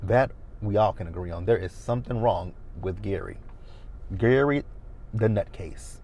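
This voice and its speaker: A man's voice: lowish voice, normal speed, dark tone, a little hiss or hum. A man in his thirties recapping a TV episode in a casual, blunt and opinionated way. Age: 30s. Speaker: TV recap host.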